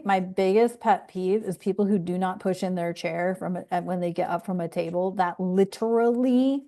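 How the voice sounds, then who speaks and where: A woman's voice: mid-range voice, darkish tone. Woman, astrology coach, casual unscripted monologue; blunt, profane, rambling. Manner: candid, swears freely, rambling asides.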